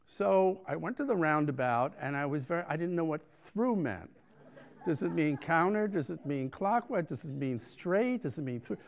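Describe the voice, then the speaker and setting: An American man giving a keynote talk, telling a self-deprecating story with lots of restarts and acted-out voices. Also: a little high. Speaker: keynote speaker.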